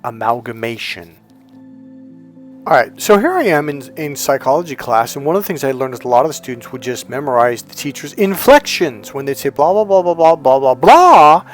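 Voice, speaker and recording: A man's voice: medium pitch, expressive, brisk, faint music behind. A man who works as a dating and relationship coach, giving an emphatic, repetitive motivational monologue. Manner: emphatic, repetitive, preachy lecturing.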